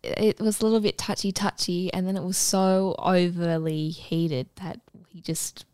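A woman's voice: on the low side, little pitch movement, measured pace, mellow, no room sound, clean studio sound. A young woman, co-hosting a podcast and telling candid, crude stories with lots of giggles. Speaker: podcast co-host. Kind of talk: casual chat.

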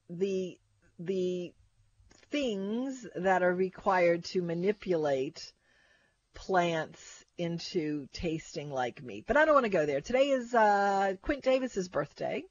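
A woman's voice: lowish voice, animated, slow pace. A woman co-hosting a food radio show, chatting casually and stating opinions emphatically. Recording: dull, lo-fi radio broadcast.

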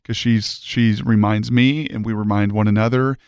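A man's voice: on the low side, fairly even intonation, normal speed, a little mellow, clean tone, no echo, clean studio sound. A man, a former football player, telling an emotional personal story as a podcast guest, earnest and fervent, often restarting his sentences.

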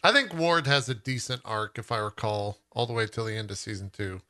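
A man co-hosting a podcast in casual chat, easygoing and quick to agree. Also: on the low side, bright, forceful tone. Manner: easygoing, agreeing, laughing often. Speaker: podcast co-host.

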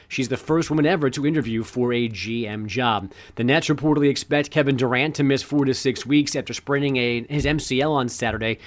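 A man reading sports headlines on a talk show, delivering them briskly with wry asides. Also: medium pitch. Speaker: sports news anchor.

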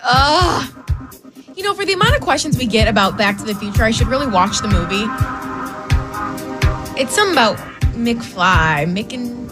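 A woman's voice: fairly high pitch, sing-song, normal speed, long pauses, over music. A woman on a morning radio show, chatty and self-deprecating, joking through a quiz.

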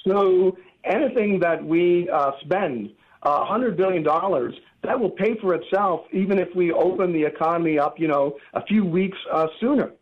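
A man, an economics professor, calls in to a radio show and argues his point emphatically, punching home slogans. His voice is notably high for a man. It comes through a thin, tinny telephone line. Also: moderate pace. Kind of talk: phone interview.

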